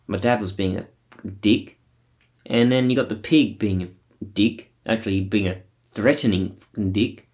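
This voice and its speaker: A man's voice: fairly low pitch, steady tone, a little slow, a little mellow. A man venting in a casual monologue, angry and rambling, swearing often and stopping on fillers. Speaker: vlogger.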